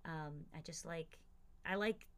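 A woman's voice: deep voice, slow, a bit bright. A woman in her forties, a teacher, chatting casually on a podcast in a hesitant way with many fillers.

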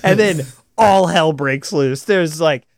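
A man co-hosting a podcast, telling an episode recap in animated, laughing casual chat. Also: on the high side, slow pace, dry recording, studio quality. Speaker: podcast co-host.

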